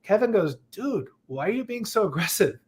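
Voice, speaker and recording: A man's voice: sits high, sing-song, moderate pace. Analytical man explaining personality profiles. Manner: analytical and playful, acts out quoted remarks. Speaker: personality assessment coach.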